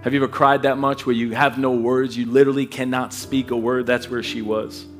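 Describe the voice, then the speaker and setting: A middle-aged pastor preaching, reading scripture and telling lively personal stories, acting out voices and laughing as he goes. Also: mid-range voice, a little fast, soft background music. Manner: animated storytelling, acts out voices, laughs often.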